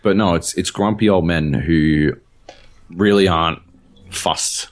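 Male podcast co-host, deep low voice, loose rambling delivery, lots of swearing. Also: slow. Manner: rambling, profane storytelling with many fillers. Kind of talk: casual chat.

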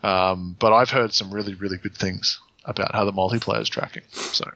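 A man rants animatedly about games, swearing freely as his thoughts ramble on. His voice is bright and forceful. It comes through a dull, dry mic with little room sound. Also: low-pitched, fairly even intonation, fairly quick, no room sound. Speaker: podcast co-host. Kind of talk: casual chat.

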